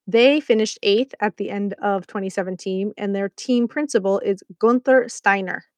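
A woman's voice: medium pitch, moderate pace, no room sound. A woman hosting a podcast, recapping a series episode in a chatty, playful way with sarcastic asides. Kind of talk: casual scripted commentary.

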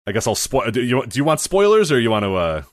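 A man's voice: mid-range voice, very animated, quick pace, no room sound, clean studio sound. A man co-hosting a podcast in casual chat, rambling and correcting himself, laughing as he tells stories. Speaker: podcast co-host.

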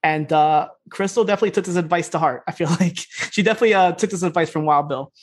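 A man with a slightly high voice and quick pace co-hosts a podcast, recapping episodes casually and at rambling length. He swears freely and acts out the characters' lines.

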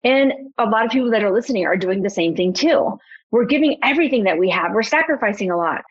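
A young adult woman, a photographer and podcast guest, telling a personal story in a lively, casual way and acting out her own past thoughts. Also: mid-range voice, quick pace, slightly rough, dull audio. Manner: animated storyteller, quotes herself.

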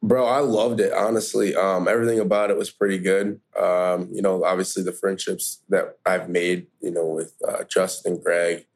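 A man guesting on a podcast, relaxed and slangy, teasing his hosts. His voice is low and gravelly with a groggy edge. He speaks in a casual interview chat. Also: moderate pace, few pauses.

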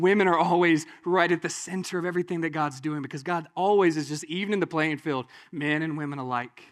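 A man preaching a sermon in a lively, conversational way, often checking in with the listeners. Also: fairly high pitch. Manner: animated, conversational, often asks "right?". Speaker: pastor.

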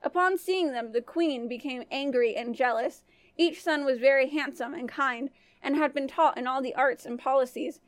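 High-voiced woman storyteller. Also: normal speed, dry recording. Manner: gentle, family-friendly telling. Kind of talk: storytelling podcast narration.

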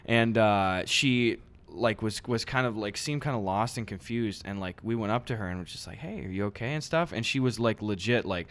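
A man's voice: on the low side, fairly quick, hardly any pauses, fairly bright tone. A man co-hosting a podcast in casual chat, swearing freely and acting out quoted people in a raised voice. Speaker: podcast co-host.

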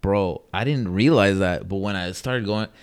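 A man's voice: fairly low pitch, moderate pace, clean tone. A man in his twenties chatting casually as a podcast co-host, rambling and slangy, saying bro a lot. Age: 20s. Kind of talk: casual chat.

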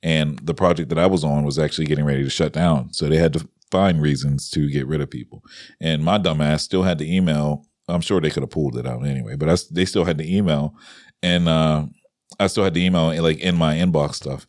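A man's voice: rumbling low, steady tone, brisk, darkish tone, no room sound, studio quality. A man in casual conversation, telling funny stories with plenty of swearing and laughter, acting out what people said. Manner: laughs often, swears freely, acts out quotes. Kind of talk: casual chat, storytelling.

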